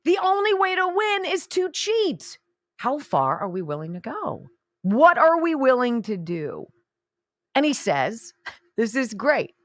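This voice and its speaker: A woman's voice: sits high, wildly swooping pitch, a little slow, no echo. A woman hosting a political talk radio show, emphatic, indignant and sarcastic.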